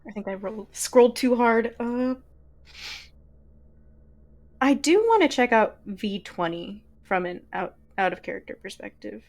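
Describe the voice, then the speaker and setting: A woman playing in a tabletop game, talking in a relaxed way with dry banter. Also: mid-range voice, measured pace. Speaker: player. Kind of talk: casual tabletop game chat.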